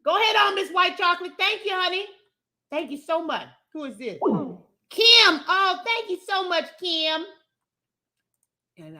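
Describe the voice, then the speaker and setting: A woman's voice: very high-pitched, bright, forceful tone. A woman hosting a call-in livestream, talking emphatically in a folksy way and repeating words as she builds a point. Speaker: call-in show host. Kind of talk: casual livestream talk show.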